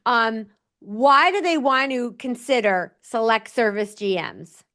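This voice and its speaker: A woman hosts a casual interview in a high voice that swings widely in pitch. She asks questions with enthusiasm and cheers her guest on. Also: lively intonation, takes it slowly, pushed and bright. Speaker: podcast host.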